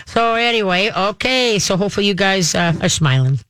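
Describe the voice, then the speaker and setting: A woman telling a personal story to her viewers in a rambling, halting way, full of restarts and folksy sayings. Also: medium pitch, lively intonation, fairly bright tone, smooth.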